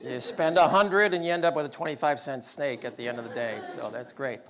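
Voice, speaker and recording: A man's voice: fairly high pitch, a little fast, a bit bright. A man giving a storytelling talk about fatherhood with wry, self-deprecating humor. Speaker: public speaker.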